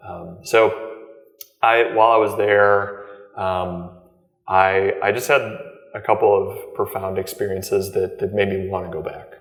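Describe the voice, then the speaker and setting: A man in his thirties, a Jesuit guest, telling his story in a halting, reflective way full of ums and repeated words. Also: sits low. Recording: echoey room with long reverb.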